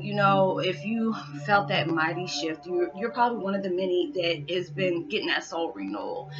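Brief: woman spiritual vlogger, loose rambling chat, slightly low, bright voice, muffled lo-fi recording. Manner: rambling, chatty, many fillers like "you know" and "it's just like". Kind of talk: casual monologue to camera. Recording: dull lo-fi sound.

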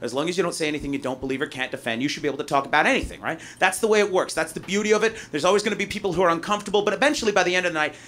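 A male stand-up comedian on a live stage, talking fast and swearing a lot, with shouted punchlines. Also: fairly high pitch.

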